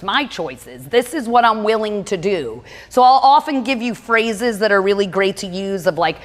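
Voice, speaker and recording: A woman's voice: mid-range voice, a bit bright. A middle-aged woman who runs a gym speaks in a blunt, no-nonsense style as she tells her own story to listeners. Her voice sits in an ordinary middle register for a woman. The recording carries a long, lingering reverb from a large hall. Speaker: gym owner and motivational speaker. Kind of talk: personal storytelling talk.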